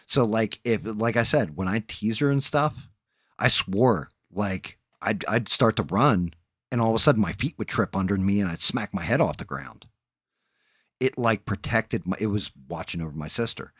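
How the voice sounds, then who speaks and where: New man in his forties, very low voice, dry close sound, rambling profane storyteller. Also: lively intonation, moderate pace, fairly bright tone, husky, no echo. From New Jersey. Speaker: streamer host. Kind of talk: casual storytelling chat.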